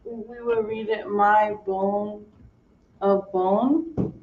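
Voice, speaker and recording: A woman's voice: medium pitch, steady tone, drawn-out words. A woman student from Ecuador asking hesitant questions in class. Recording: roomy dull audio with faint hum.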